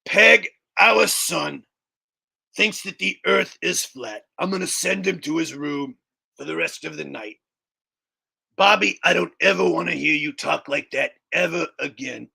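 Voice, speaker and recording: Hank Hill, as a man puts him on, gravelly and stern. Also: a little high, a little slow, pushed and bright, full character voice. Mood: scolding. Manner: gruff scolding, fatherly lectures. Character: stern middle-aged cartoon dad, Hank Hill.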